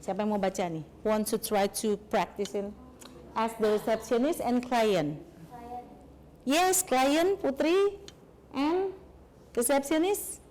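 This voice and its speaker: A woman's voice: fairly high pitch, animated, a little slow, pauses often, darkish tone, slight background noise. A woman lecturer with an Indonesian accent teaching English in a classroom, switching between English and Indonesian as she drills her students on phrases.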